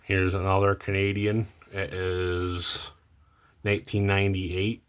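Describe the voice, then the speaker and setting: Deep voiced young guy rambling about his coin finds, lots of ums, trails off quiet. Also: completely flat delivery, slow, clean tone. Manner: rambling, hesitant, many ums and self-corrections; low-key, trails off quietly at phrase ends. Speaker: coin collecting vlogger. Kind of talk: casual unscripted commentary while sorting coins.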